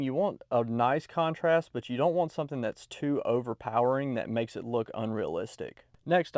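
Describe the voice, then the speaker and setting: A man explaining a landscape drawing app step by step in a relaxed voice-over, with occasional fillers. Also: mid-range voice, no room sound, clean studio sound. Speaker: drawing tutorial instructor. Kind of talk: screen-recorded drawing tutorial.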